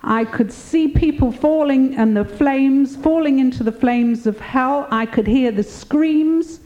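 An older woman shares her testimony in a slow, measured way, earnest and reflective. Her voice sits a little high and sounds mellow and soft-edged. She lingers over her words as she recalls the past. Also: highs cut off. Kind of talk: personal testimony.

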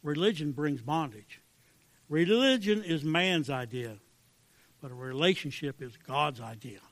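A man preaching a fervent sermon, swinging between hushed pleading and loud emphasis. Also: fairly high pitch, lively intonation, a little slow, no room sound. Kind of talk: sermon with altar call.

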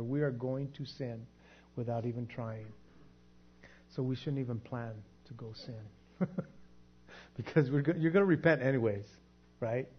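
A man's voice: medium pitch, a little hiss or hum. A man teaching a Bible lesson in a casual, conversational way, often repeating words as he works through a point. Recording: dull lo-fi recording.

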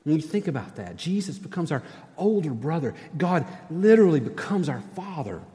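Middle-aged pastor, light tenor, chatty and wry, sermon in a church with a lingering echo. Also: male voice, on the high side, big pitch swings, normal speed, warm tone. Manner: conversational, self-deprecating humor. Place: church sanctuary. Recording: long church hall reverb.

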